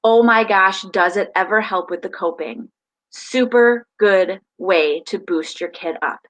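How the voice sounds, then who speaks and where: A woman hosting a live parenting advice talk, animated and emphatic as she speaks straight to viewers. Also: mid-range voice, measured pace, poor audio. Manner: animated, emphatic, acts out family dialogue.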